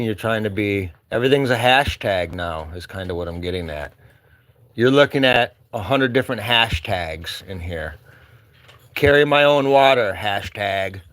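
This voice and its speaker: A man's voice: lowish voice, fairly bright tone, no room sound. A man vlogging casually from his cabin with a rambling, wry manner and an Upper Midwest American accent. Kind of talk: casual chat. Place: remote cabin.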